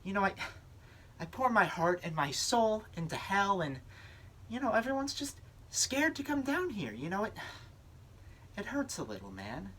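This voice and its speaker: A man's voice: high voice, big pitch swings, moderate pace, long pauses, a bit bright, slightly rough, voice pushed up, full character voice. A young man voicing a scheming, needy male devil who runs hell, in a speech-team comedy performance. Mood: wounded.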